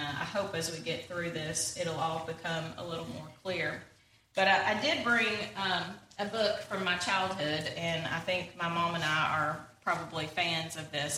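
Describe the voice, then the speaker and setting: Lady giving a church talk, lots of ums, bright voice, echoey hall from a ways off. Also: lowish voice, a little hiss or hum. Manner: informal, halting, with many fillers and self-deprecating humor. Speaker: church speaker. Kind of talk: sermon-style talk. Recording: echoey room, voice from a distance.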